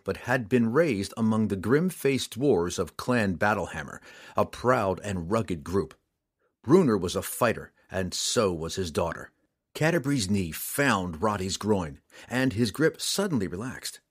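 Male audiobook narrator: husky, lively delivery, measured and expressive. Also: lowish voice. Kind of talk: scripted narration.

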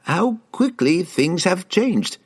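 A man's voice: high voice, very animated, slow, slightly rough, voice pushed up, exaggerated voice. A man voicing a flustered, kindly wizard in an audiobook reading, speaking in a stammering, earnest way.

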